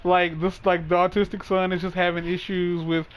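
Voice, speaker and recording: A man hosting a casual podcast chat, telling a long story in a rambling, animated way, full of "like" and restarts. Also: high-pitched, moderate pace, clear, resonant tone, low-quality recording. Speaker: host.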